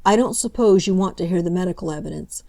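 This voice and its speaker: A woman voicing a good-natured male police inspector who talks in a chatty, plain-spoken way, often with a lowered voice. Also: fast, gravelly, warm tone. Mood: confiding.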